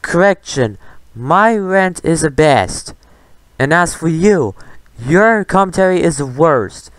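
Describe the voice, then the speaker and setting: A man's voice: fairly high pitch, animated, slow, dry recording. A man hosting a reaction commentary, talking back at a clip in a defiant, retorting rant. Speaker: commentary host.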